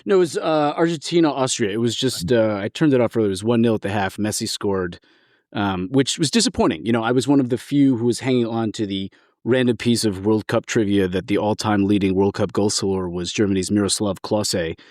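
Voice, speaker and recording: A man's voice: fairly low pitch, a little fast, a little mellow, no room sound, studio quality. An American man co-hosting a podcast, talking in long rambling stretches. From United States. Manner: rambling, chatty. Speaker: guest co-host. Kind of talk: casual chat.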